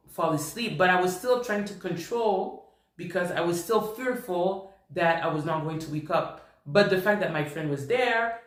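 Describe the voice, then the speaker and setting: Brief: male vlogger, slightly high voice, animated storyteller, echoey room. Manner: animated, repeats himself while recounting. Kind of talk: personal storytime. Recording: roomy echo.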